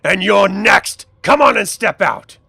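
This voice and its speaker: A man's voice: a little high, measured pace, gravelly, a bit bright, no echo. A man voicing a sinister, red-robed male cultist who taunts and threatens. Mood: menacing. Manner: menacing, taunting.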